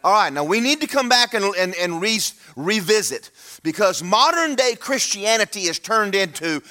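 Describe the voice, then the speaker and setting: Man, preacher, high bright voice, swooping pitch, folksy and joking sermon. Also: lively intonation, moderate pace. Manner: folksy, humorous, emphatic. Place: church sanctuary.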